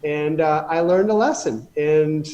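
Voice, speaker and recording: Guy from canada telling long business stories, kinda high voice, rambly, keeps restarting. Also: unhurried, dark tone, dull audio. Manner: rambling, many restarts, emphatic asides. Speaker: podcast guest, real estate investor. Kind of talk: casual storytelling in conversation.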